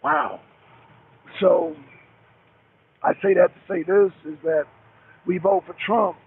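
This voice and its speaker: High gravelly man on a tinny phone line. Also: slow. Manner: rambling, repetitive, heavy cursing. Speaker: truck driver calling in. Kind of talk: call-in talk show chat.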